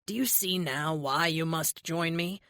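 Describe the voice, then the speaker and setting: A woman playing a smug, menacing male villain in an audiobook, speaking slowly and condescendingly. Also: deep voice, fairly bright tone, dry recording, clean studio sound. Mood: smug menace. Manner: slow, condescending, self-assured. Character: smug, menacing man, centuries-old villain.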